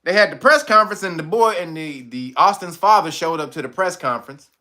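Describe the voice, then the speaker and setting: Male host, casual commentary, lively swooping delivery, bright edge, laughs a lot. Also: on the high side, brisk. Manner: animated, laughs often, profane slang.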